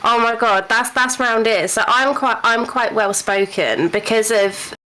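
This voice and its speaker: A woman's voice: on the high side, unhurried, sharp tone, rough recording. A well-spoken English woman with a southern English accent from near London, chatting animatedly as co-host of a casual podcast. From England.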